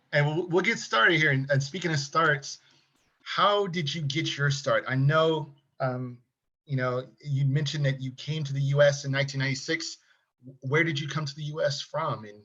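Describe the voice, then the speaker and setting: A man's voice: mid-range voice, normal speed, a bit bright. A man hosting an interview over a video call, reading a formal introduction and then chatting casually with his guest. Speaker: host. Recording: dull lo-fi sound.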